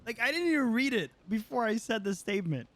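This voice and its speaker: A man's voice: very high voice, sing-song, fast, fairly bright tone. A man streaming a game, talking casually with slang, swearing and lots of fillers as he plays. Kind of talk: let's play commentary.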